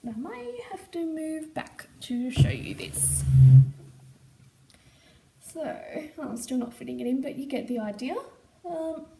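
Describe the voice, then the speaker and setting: An Australian woman hosting a knitting podcast, gushing in a casual, rambling way, her voice squeaky and hoarse from smoke. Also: mellow. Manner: gushing, enthusiastic, rambling with ums. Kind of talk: casual show-and-tell chat.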